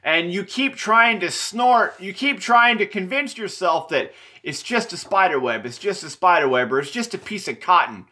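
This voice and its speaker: Rambling bright-voiced man explaining drawings. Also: high voice, expressive, normal speed, few pauses. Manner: meandering, repetitive, self-correcting. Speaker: presenter explaining his drawings.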